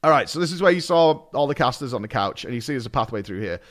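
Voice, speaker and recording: A man chatting on his stream, his voice rising and falling over a lively range as he recounts a mishap. He swears casually and breaks into laughter, keeping the tone loose and conversational. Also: mid-range voice, very fast. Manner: animated storytelling, swearing and laughing. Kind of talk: casual chat.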